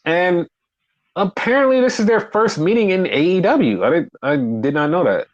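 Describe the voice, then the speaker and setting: A man chatting casually on a podcast, recapping wrestling with lively, swearing retellings and acted-out quotes. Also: high voice, normal speed, dull audio. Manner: animated, swears freely, acts out quotes. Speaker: podcast co-host.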